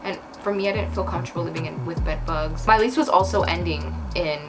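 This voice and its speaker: A young woman telling a casual storytime while doing her makeup, chatty and animated, with lots of "like". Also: on the low side, fast. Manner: chatty, heavy use of "like", animated retelling. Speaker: vlogger. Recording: background music.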